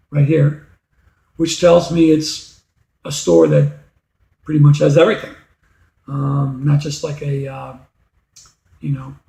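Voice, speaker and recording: A man patiently teaches a reading lesson, posing rhetorical questions as he explains. His voice is gravelly and mellow, slightly high for a man, and the room around him echoes.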